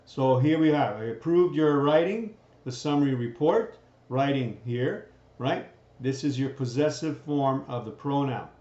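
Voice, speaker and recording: A man's voice: mid-range voice, measured pace, dark tone. A man teaching a grammar lesson in a recorded lecture, checking in with "right?" after most points. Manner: keeps asking "right?" to check understanding. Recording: dull, roomy lecture recording.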